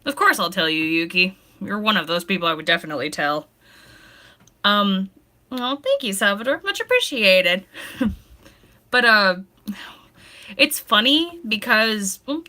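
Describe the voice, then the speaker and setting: A woman's voice: mid-range voice, bright, forceful tone. A young woman, a pregnant streamer, chatting casually and rambling, often laughing, now and then tearful. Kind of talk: casual chat with live chat.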